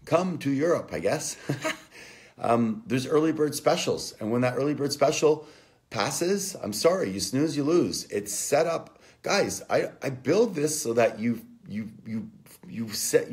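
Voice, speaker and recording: A man hosting a live online coaching session, giving an energetic, profane motivational talk and calling out viewers by name. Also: unhurried. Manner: energetic, profane, shouts names and "boom".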